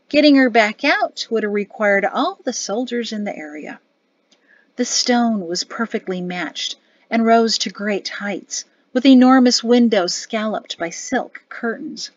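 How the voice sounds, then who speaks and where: A woman narrating an audiobook in a measured storytelling voice. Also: fairly high pitch, no echo, lo-fi sound. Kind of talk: scripted narration.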